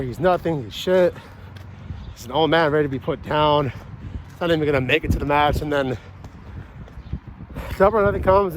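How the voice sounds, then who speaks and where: A man's voice: a little high, noisy background. A man giving a casual, rambling reaction review of a wrestling event, frank and often swearing. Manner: rambling, profane, frank opinions.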